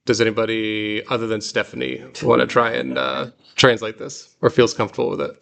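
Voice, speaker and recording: A man's voice: medium pitch, level tone, moderate pace, creaky, a bit bright. Patient male Greek teacher. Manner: patient, explains with examples, reads Greek aloud. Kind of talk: classroom lesson. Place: classroom.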